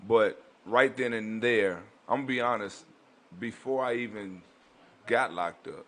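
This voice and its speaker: A man's voice: on the low side, a little slow, a bit bright. A young man, a comedian, telling stories in a casual, laid-back drawl in a radio studio. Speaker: guest comedian. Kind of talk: casual storytelling.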